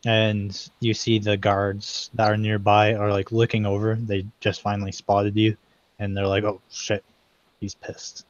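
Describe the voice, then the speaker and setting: A man's voice: fairly low pitch, monotone, moderate pace, no echo. A man narrating as game master in a tabletop game, loose and full of fillers, on slightly muffled call audio. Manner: loose, hesitant, many fillers.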